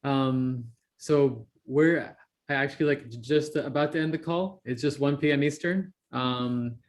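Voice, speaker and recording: A mid-pitched man hosts and closes an online gathering. He stutters lightly and uses fillers as he thanks the panelists and announces the next event. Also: measured pace. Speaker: host. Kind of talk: closing remarks of an online event.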